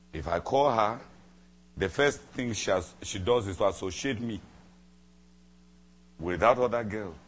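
A man preaching a sermon, telling a personal story with dramatic repetition and emphatic swings between loud and soft. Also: lowish voice, a little hiss or hum. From Cameroon. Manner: dramatic, repeats phrases for emphasis.

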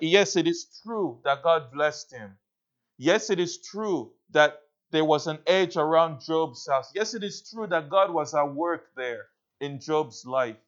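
Earnest preacher man with a higher voice. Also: clear, resonant tone. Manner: earnest preaching, many restarts, frequent "right?" checks. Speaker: pastor. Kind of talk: sermon. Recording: dull lo-fi recording.

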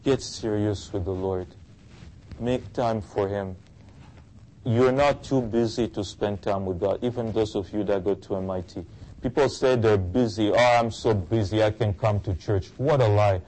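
A man's voice: on the low side, measured pace, mellow, rough recording. A male pastor preaching an earnest sermon and leading fervent prayer.

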